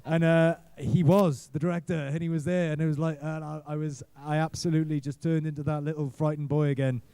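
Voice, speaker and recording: Middle-aged male panel guest, mellow smooth voice, halting self-deprecating storyteller, dry close sound. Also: on the high side, level tone, no echo. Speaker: guest actor. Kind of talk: casual convention panel storytelling. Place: convention panel room.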